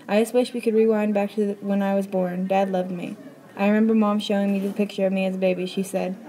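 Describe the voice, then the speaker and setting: A woman reading a story aloud in a quick, plain way, with small stumbles now and then. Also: medium pitch, mellow, poor audio.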